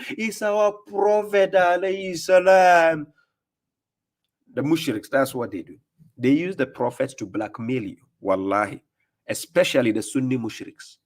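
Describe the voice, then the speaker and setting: Acting as an online preacher, a man reacts to video clips with combative commentary, mocking and confrontational, firing off rhetorical questions and laughing in scorn. His voice is at an ordinary middle pitch and a little mellow.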